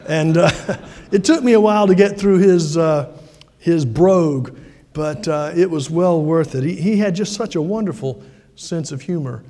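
Preaching from the pulpit, this older pastor keeps his sermon easygoing and folksy, sprinkled with asides and rhetorical questions. He speaks a little slowly in a warm, high-sitting voice, and the large hall gives a long reverb.

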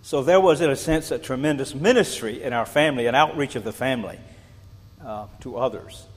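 An older man preaching a sermon as a pastor, animated, repeating words and asking rhetorical questions. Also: mid-range voice, brisk. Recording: long reverb in a large hall.

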